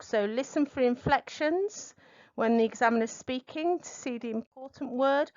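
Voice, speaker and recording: Clear-voiced woman tutor, muffled recording. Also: high voice, darkish tone, no room sound. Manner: clear, deliberate teaching delivery with stressed key words. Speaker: English tutor and examiner. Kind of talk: spoken language lesson to camera.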